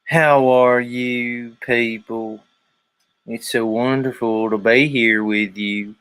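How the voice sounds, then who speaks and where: A man voicing a Southern-accented male televangelist preacher who asks for tithes, in a slow, sugary, drawn-out parody of a sermon. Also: mid-range voice, fairly even intonation, a bit bright, clean tone, dry recording. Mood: syrupy preaching. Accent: American Southern.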